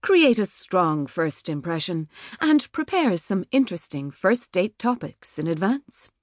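A woman reading an audiobook in a measured, wry manner. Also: fairly low pitch, sing-song, no echo, studio quality. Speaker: audiobook narrator. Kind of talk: scripted narration. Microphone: studio microphone.

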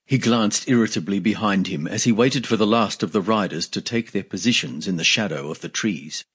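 A male audiobook narrator reads a fantasy tale in a measured, steady manner. His voice sits low and has a husky, slightly breathy grain. He gives the dialogue only a light touch of character.

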